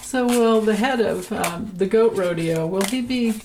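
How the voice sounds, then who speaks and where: A woman talks through a tarot reading at an unhurried pace, rambling and laughing between thoughts. Her pitch sits in an ordinary middle range. A faint hiss runs under the recording. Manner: chatty, laughs often, rambling restarts. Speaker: tarot reader. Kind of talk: casual tarot reading vlog.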